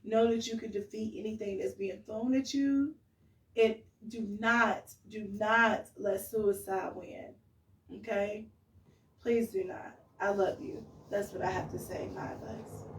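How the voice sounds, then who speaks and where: A woman's voice: mid-range voice, steady tone, measured pace, echoey room, far from the mic, slight background noise, rough recording. A woman co-hosting a podcast who gives earnest, pleading advice, emotional and direct. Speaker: podcast co-host.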